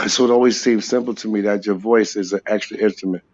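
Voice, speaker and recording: Low-voiced New York rapper in a rambling interview chat, slightly muffled audio. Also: male voice, steady tone, brisk. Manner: rambling, sings snatches of songs. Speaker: rapper guest.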